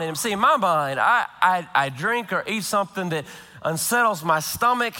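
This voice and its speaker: A man, a pastor, preaching a sermon, praying and telling a humorous story in an animated way with quick restarts. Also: high-pitched, big-room sound.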